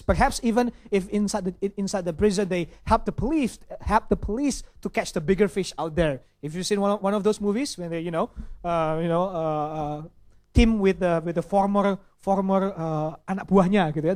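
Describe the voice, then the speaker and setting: Pastor, questioning his flock. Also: high voice. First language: Indonesian. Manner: checks in with the audience through rhetorical questions. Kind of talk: sermon.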